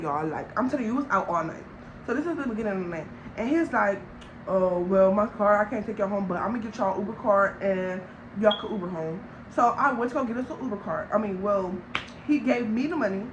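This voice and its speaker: A young woman from Long Beach, telling a storytime vlog in an animated, slangy way and talking straight to viewers. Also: on the high side, noisy background. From Long Beach, California. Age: young adult. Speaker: vlogger.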